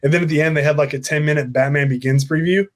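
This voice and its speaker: Co-host, young guy, laid-back and talkative, bit of a high voice. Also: fast talker. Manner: relaxed, rambling storyteller. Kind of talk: casual podcast chat.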